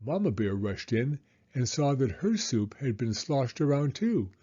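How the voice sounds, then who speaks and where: A man reading a children's story aloud with expressive, unhurried narration. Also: medium pitch, slightly rough, dull audio. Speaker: storybook reader.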